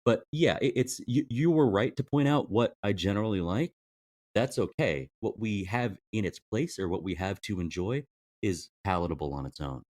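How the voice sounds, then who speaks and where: A man's voice: on the low side, lively intonation, moderate pace, darkish tone. A man co-hosting a film podcast, talking casually with frequent hesitations and restarts. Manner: hesitant, many restarts, laughs easily. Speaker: podcast co-host.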